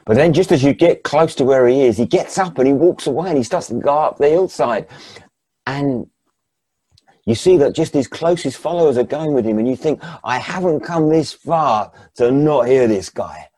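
A man preaching a sermon as second-person guided storytelling, dramatic, swinging between hushed and emphatic. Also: medium pitch, brisk, breathy edge, no echo.

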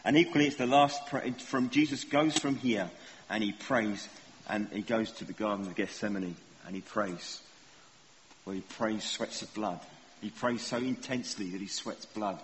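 A middle-aged man preaches a sermon in a conversational, self-deprecating style, often putting questions to the congregation. His voice is on the low side, steady, and at a moderate pace, recorded with long hall reverb, faint ambience, and slight background noise.

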